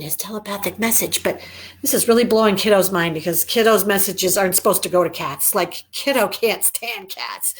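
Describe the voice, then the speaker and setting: A woman author reading her own children's book aloud in an animated, emphatic, chatty way. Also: fairly high pitch. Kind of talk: children's storytelling.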